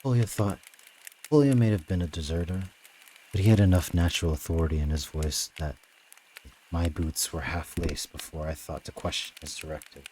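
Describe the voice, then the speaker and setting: A man reading a novel aloud on a live stream in a steady narrating voice. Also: low voice, normal speed, a little hiss or hum, low-quality recording. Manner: steady narration, with offhand asides. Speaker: reader.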